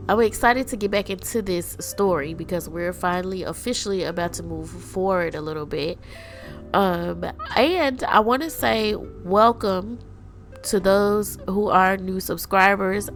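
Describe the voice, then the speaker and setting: A woman's voice: mid-range voice, gravelly. A woman hosting a gaming channel, sounding stuffy and congested, chatting casually with lots of ums and laughs. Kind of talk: casual gameplay commentary. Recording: faint music behind.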